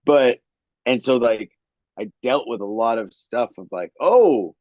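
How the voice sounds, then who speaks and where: A man's voice: medium pitch, a little slow, no echo. A male comedian guest talking in a rambling, loose way over a video call, with many "like" fillers. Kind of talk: casual conversational interview. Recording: dry, dull lo-fi video-call audio.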